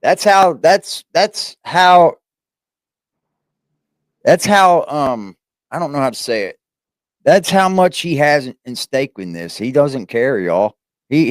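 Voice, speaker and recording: A man's voice: medium pitch, no echo, clean studio sound. A man hosting a casual interview and reaction stream, laid-back, talking to his viewers and often restarting his sentences. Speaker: show host.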